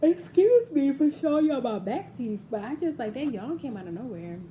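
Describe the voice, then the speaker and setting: A woman's voice: mid-range voice, background noise. A young woman hosting a casual live-stream tarot reading, chatty and playful, speaking directly to her viewers. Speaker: tarot reader. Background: quiet ambient audio playing.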